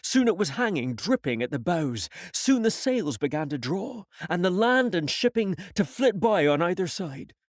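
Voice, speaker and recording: Guy reading an audiobook, measured storytelling, lively voice. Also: high voice, no echo, clean studio sound. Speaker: audiobook reader. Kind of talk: audiobook narration.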